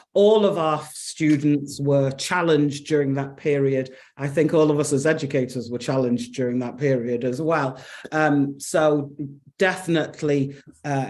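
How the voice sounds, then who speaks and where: A woman's voice: low-pitched, a little mellow. A woman hosting an online interview, who affirms the guest and then reads audience questions aloud, with frequent fillers. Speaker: webinar host reading audience questions. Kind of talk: interview moderation.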